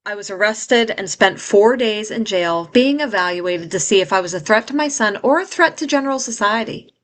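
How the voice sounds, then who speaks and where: A woman's voice: mid-range voice, animated, normal speed, a bit bright. A middle-aged woman telling a painful personal story as an interview guest, in an earnest, heartfelt way.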